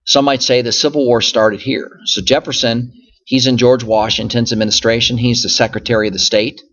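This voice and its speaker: Male teacher, mid-pitched, patient lecture delivery, repeats points for students, slightly dull recording. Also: fairly even intonation, brisk, fairly bright tone. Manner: explanatory, repeats "so again" and "okay?" often. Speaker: history teacher. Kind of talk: recorded classroom lecture over slides.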